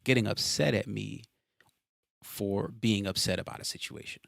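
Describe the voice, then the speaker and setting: A man hosting a podcast from a home basement, ranting casually and profanely with animated exasperation. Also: mid-range voice, moderate pace, creaky, dry recording, clean studio sound. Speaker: podcast host.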